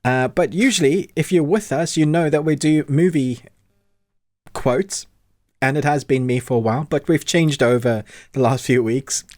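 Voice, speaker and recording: A man's voice: on the high side, moderate pace, darkish tone, no echo, studio quality. A man hosting a casual podcast in a chatty, friendly way, moving the show from one segment to the next. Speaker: podcast host.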